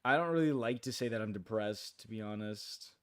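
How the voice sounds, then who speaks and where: His voice on the low side and clean in tone, a weary young man chats through a late-night gaming stream. He stumbles along, restarting sentences and leaning on fillers.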